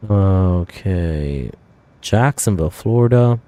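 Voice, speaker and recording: A man's voice: low voice, animated, takes it slowly, dark tone. A man streaming a flight simulator, thinking aloud in casual chat with viewers and rambling with fillers and self-corrections.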